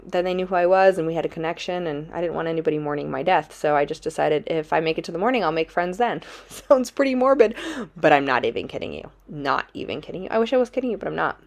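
A woman's voice: low voice, lively intonation, quick pace, creaky. A young woman vlogging casually to camera, telling a story dramatically and saying "like" a lot. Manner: dramatic, chatty, heavy use of "like". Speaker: travel vlogger.

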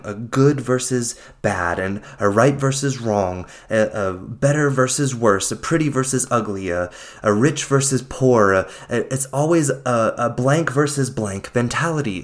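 A man's voice: mid-range voice, a little slow. A man hosting a podcast, talking without a script in an earnest, emphatic way and calling his listeners friends. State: getting emotional. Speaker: podcast host. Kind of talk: unscripted heartfelt monologue.

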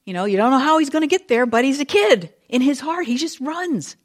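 A woman teaching a Bible study in a chatty, conversational way, full of asides and lively retelling. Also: high-pitched, brisk. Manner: expressive, animated retelling.

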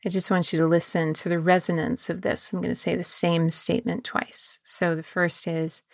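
A woman podcast host and embodiment coach, speaking in a calm, measured way and slowing down on key words. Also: lowish voice, gravelly, no room sound, studio quality. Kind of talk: podcast monologue.

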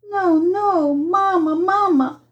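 Scared little boy begging, as a woman puts him on, high and tearful, lo-fi. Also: slow pace. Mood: pleading. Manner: pleading, tearful. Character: frightened small boy, pleading.

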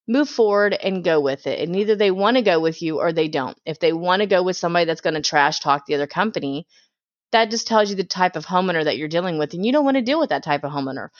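A woman's voice: lowish voice, expressive, a little fast, no room sound. A woman hosting a podcast, giving blunt, preachy advice in a direct way. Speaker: podcast host. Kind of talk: advice monologue. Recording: dull, dry lo-fi sound.

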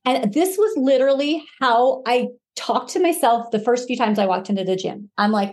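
A woman's voice: on the high side, normal speed, few pauses. A woman in her forties, a fitness guest, speaking candidly and emphatically in casual chat. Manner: emphatic, candid, rising excitement. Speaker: podcast guest, fitness influencer.

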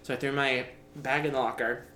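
A man in his twenties, co-hosting a podcast, telling a story in a lively way with lots of laughter. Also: medium pitch, brisk. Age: 20s. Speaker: podcast co-host. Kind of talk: casual storytelling chat. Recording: echoey room, faint background noise.

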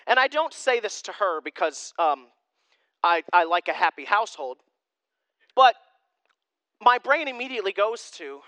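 Bright-voiced pastor man preaching. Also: high-pitched, animated, moderate pace, clean tone, no room sound. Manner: conversational, self-deprecating humor. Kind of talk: sermon.

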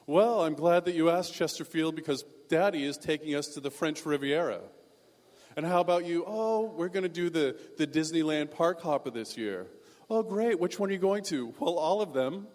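A man voicing snooty rich teenage schoolboys with an affected, posh drawl, pitched a little above his usual voice. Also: moderate pace, a little mellow, big-room sound, lightly acted.

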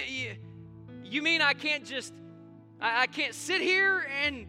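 A man's voice: very high voice, expressive, slow pace, bright, forceful tone, faint music behind, exaggerated voice. A man voicing an impatient, whiny believer who is complaining to God in a comic, pleading way.

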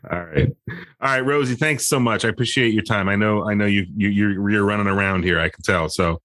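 A man with a lowish voice asks questions in an easygoing, joking way and stumbles over his words now and then. His voice sounds dry and close. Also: brisk, fairly bright tone, no room sound. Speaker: interviewer. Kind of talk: casual interview chat.

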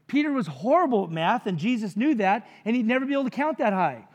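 A man's voice: high voice, sing-song, fast talker, in a large hall. A man preaching a sermon as pastor, conversational and jokey, with frequent asides to the congregation.

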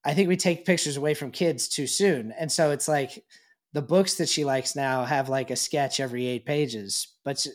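A man's voice: mid-range voice, moderate pace. A man co-hosting a podcast in casual chat, talking in an easygoing, rambling way. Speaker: podcast co-host.

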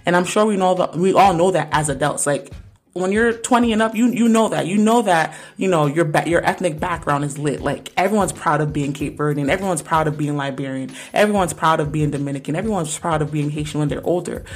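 Earnest young woman podcast host, lowish voice. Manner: earnest, conversational, peppered with "like" and "right?". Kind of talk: casual podcast monologue.

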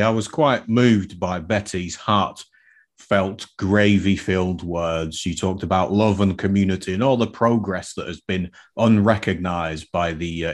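A man playing Tristan, a pompous, worldly-wise male pasty, in a comic game show. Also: deep voice. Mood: solemn. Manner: pompous, grandly self-assured.

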